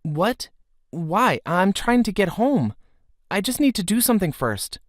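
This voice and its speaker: A man voicing an anxious, polite young boy who pleads earnestly in a higher voice. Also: sing-song, unhurried, no echo, studio quality. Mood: anxious pleading.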